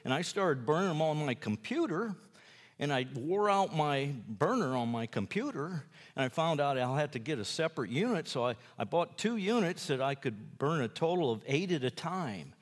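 A man's voice: a little high, sing-song, moderate pace. Folksy preacher man in a reverberant room. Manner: folksy, rambling, acts out other people's lines. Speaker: jail preacher. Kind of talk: personal testimony storytelling.

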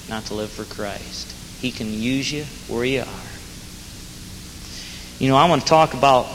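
Man, jail preacher; plain-spoken, earnest sermon, bright tone, reverberant hall. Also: on the high side. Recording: hall reverb with faint noise.

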